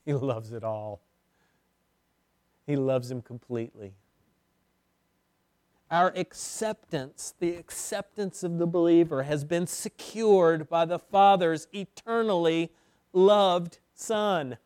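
A male pastor preaching an expository sermon at a slow, deliberate pace, with a slightly higher voice. He stretches phrases and repeats words for emphasis. The sound is dry and close. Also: a little mellow, smooth, no echo.

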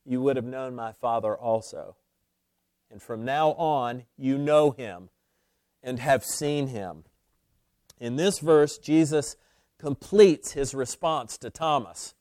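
A man's voice: medium pitch, darkish tone, smooth, dry recording, studio quality. A man preaching a sermon, opening with prayer and building to emphatic, rising points. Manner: slow, deliberate preaching that builds to emphatic peaks. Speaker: pastor.

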